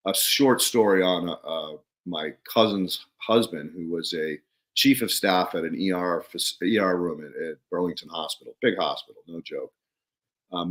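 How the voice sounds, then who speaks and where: A man with a lowish voice hosts a podcast in loose, casual chat. He rambles through his stories with frequent restarts and drops a swear word here and there. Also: a bit bright. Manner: rambling storyteller, swears freely. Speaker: podcast host.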